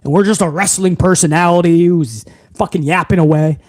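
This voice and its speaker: Brisk and high-voiced with a darkish tone, this man hosts a wrestling commentary live stream. He reads viewers' messages with profane, emphatic hype.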